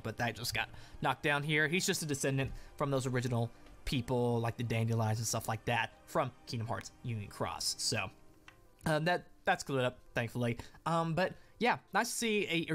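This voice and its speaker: A man with a mid-range voice reads lore passages aloud, then breaks into casual explanation. His delivery is halting, with frequent ums and self-corrections. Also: medium pitch, a bit bright. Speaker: gaming YouTuber. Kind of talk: reading game text aloud with casual commentary.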